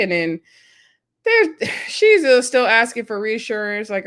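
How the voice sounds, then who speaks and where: A woman's voice: a little high, sing-song, unhurried, a bit bright. Woman reviewer, sassy and conversational, casual vlog recap. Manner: chatty and sassy, with frequent laughs and asides. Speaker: reality show reviewer.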